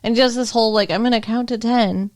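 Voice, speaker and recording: A woman's voice: on the high side, fairly even intonation, fast talker, darkish tone, dry recording, studio quality. A woman co-hosting a podcast in casual recap chat, laughing a lot and teasing her partner. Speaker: podcast co-host.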